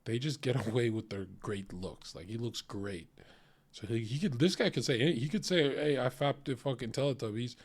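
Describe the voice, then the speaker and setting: A man's voice: medium pitch, animated, normal speed, slightly rough. A man streaming and reacting to a clip in casual, crude, opinionated commentary, lecturing his chat and often laughing.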